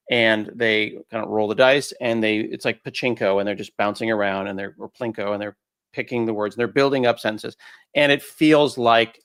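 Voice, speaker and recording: A man who is a guest in a casual conversational interview explains things in an animated way, slipping into quick put-on voices when quoting people. His voice sits at a middle pitch, and the sound is close and dry with no room sound.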